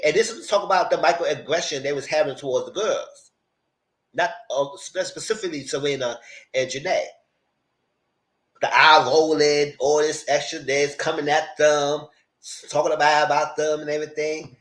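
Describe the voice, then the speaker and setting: A man hosting a live discussion of a reality show, dramatic and sassy, swinging into high exclamations. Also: fairly even intonation, moderate pace, fairly bright tone, reverberant. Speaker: host.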